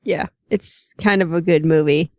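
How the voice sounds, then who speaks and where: A woman's voice: lowish voice, fairly even intonation, moderate pace, no room sound, clean studio sound. A woman co-hosting a podcast, making wry, offhand remarks in casual chat. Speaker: podcast co-host.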